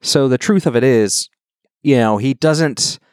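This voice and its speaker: A man co-hosting a podcast in relaxed, joking casual chat. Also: medium pitch, a little slow, smooth, dry recording, clean studio sound. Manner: joking, rambling. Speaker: podcast co-host.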